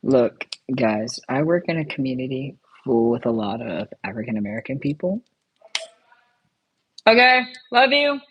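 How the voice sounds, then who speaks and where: A woman's voice: rumbling low, very animated, normal speed, husky, poor audio. A woman streamer chatting casually on a live stream, rambling and repeating herself as she talks straight to her viewers.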